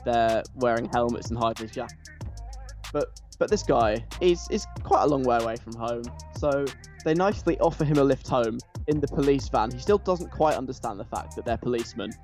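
A man's voice: medium pitch, fairly quick, soft background music. Chatty man, gushing. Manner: animated, gushing, with frequent restarts. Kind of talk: casual enthusiastic chat.

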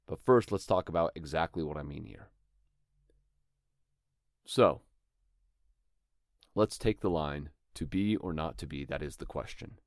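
A man's voice: rumbling low, a little slow, long pauses, no room sound, clean studio sound. A young adult man hosting a show and explaining acting craft in an earnest, instructional way, tapping out rhythms as examples. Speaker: acting teacher and podcast host. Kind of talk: instructional talk.

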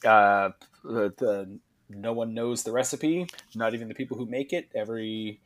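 A man's voice: lowish voice, moderate pace. A man hosting a podcast who works as a bartender. He chats loosely, laughs often and swears freely. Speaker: podcast host. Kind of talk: casual chat.

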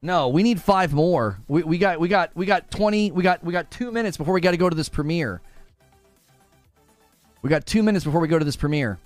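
A man's voice: fairly high pitch, expressive, a little fast, no room sound, soft background music. A man streaming live, grumbling in exasperation and repeating himself as he rants about gaming news.

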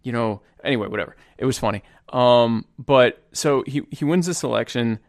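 A man's voice: mid-range voice, moderate pace, no room sound, studio quality. A man co-hosting a casual political chat show, rambling and chuckling as he talks. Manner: rambling, chuckling, restarts often. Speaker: co-host.

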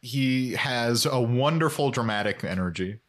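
A man chats casually on a podcast, recapping a sitcom episode with dry humor. His pitch sits in a middle range. He slips quoted lines into his retelling at a brisk clip. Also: lively intonation, a bit bright. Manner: wry, narrates the episode plot with quick quoted asides. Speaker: podcast host.

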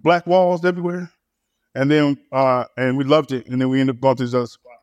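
A man talks through his story as a pastor, stumbling over repeated words and fillers between phrases. His voice sits at an ordinary middle pitch and sounds close and dry, with no room echo around it. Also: fairly even intonation, brisk, darkish tone, lo-fi sound. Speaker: pastor and church planter. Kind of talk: casual conversational storytelling.

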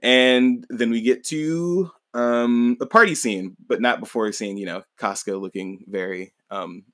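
A man's voice: medium pitch, measured pace, fairly bright tone, no echo. A man hosting a podcast, casually recapping a manga in a rambling, laid-back way, swearing and laughing along. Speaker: podcast host.

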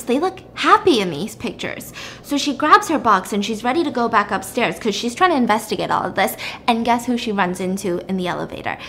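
A woman retelling a drama plot in a relaxed, chatty way, full of casual fillers and asides. Her voice sits a little high for a woman, with a faint hiss of noise behind it. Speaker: drama recapper. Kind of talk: casual story recap.

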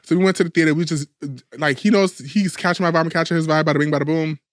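A man's voice: fairly high pitch, very fast, dry recording, clean studio sound. A man in his twenties from New York, co-hosting a podcast and telling a story in casual gossip, acting out both sides of the conversation. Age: 20s. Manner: animated storyteller, acts out dialogue. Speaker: podcast co-host.

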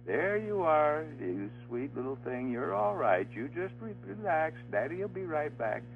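Older man putting on a burly ex-footballer cooing sweet baby talk, voice pushed way up high, tinny phone line with faint music underneath. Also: sing-song, a little slow, vocal fry, exaggerated voice.

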